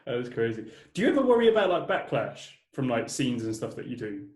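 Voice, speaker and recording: A woman's voice: rumbling low, big pitch swings, brisk, a little mellow. A woman hosting a casual interview, reacting briefly and asking short questions. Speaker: host. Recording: roomy echo.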